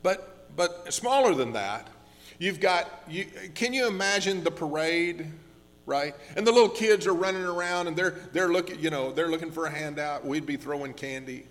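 A man preaching a sermon as pastor, earnest and slowing down on key words, with frequent restarts. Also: on the high side, lively intonation, long reverb tail. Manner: earnest, slows down for emphasis with many restarts.

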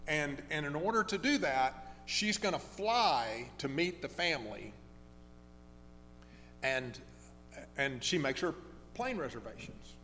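Man, preacher, storytelling sermon, halting restarts, slightly high pitch, long reverb. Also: animated, sharp tone, faint music behind. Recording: long hall reverb with faint hum.

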